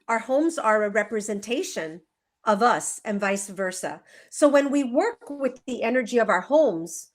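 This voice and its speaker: A woman's voice: a little high, a bit bright. A woman who practices feng shui, explaining in earnest on a live video call, with many fillers and rhetorical questions. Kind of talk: conversational interview.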